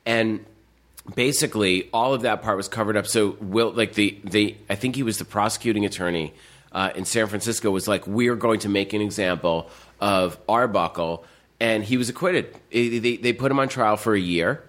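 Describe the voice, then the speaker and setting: A man, a guest filmmaker, telling rambling, animated anecdotes in casual chat, full of fillers and restarts. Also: on the low side, brisk.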